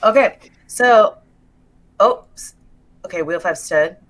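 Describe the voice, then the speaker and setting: A woman co-hosting a casual stream, reacting with quick exclamations. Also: lowish voice, lively intonation, low-quality recording. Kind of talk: casual chat.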